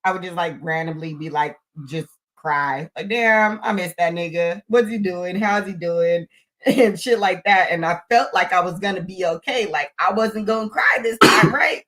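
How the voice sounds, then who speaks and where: A woman's voice: lowish voice, normal speed, fairly bright tone. A woman, chatting casually in a blunt, profane way and laughing often. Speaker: co-host, mother. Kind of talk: casual vlog chat.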